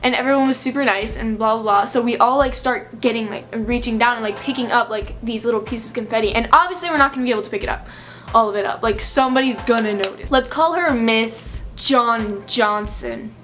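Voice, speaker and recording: A woman's voice: fairly high pitch, a little fast, a bit bright. A young woman in her late teens telling a storytime vlog in a chatty, filler-heavy, breathless way. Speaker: vlogger.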